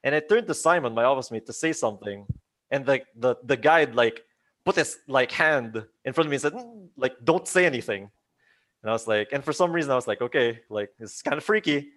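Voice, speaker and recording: A young man telling a ghost story to friends in casual chat, animated and acting out the voices of the people in it, with many restarts. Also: mid-range voice, fairly quick. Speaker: storyteller on a group chat show.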